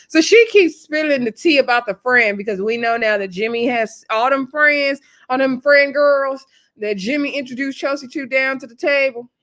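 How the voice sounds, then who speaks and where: A woman reviewing a reality show on her channel in casual chat, expressive and slangy. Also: fairly high pitch. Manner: chatty and expressive, drops into slang and acts out quotes. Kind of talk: casual recap chat to camera. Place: home setup with a ring light.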